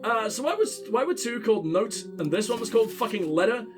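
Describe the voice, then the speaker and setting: A high-pitched man rambling through a video game with profane, sarcastic asides. His voice leaps all over the place, with faint music underneath. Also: very animated, a little fast. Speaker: let's play host. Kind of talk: gaming commentary.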